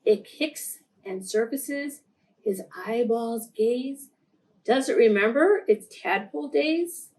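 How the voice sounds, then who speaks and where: A woman reading picture books aloud for preschool story time, gently pausing to ask the children questions. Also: a little high, animated.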